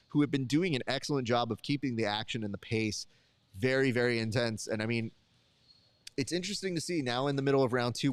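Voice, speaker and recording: A man's voice: mid-range voice, no echo. A man hosting a live stream, chatting casually and jokingly with viewers while eating at his desk. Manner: rambling, joking, talks straight to the chat. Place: desk at a live event broadcast.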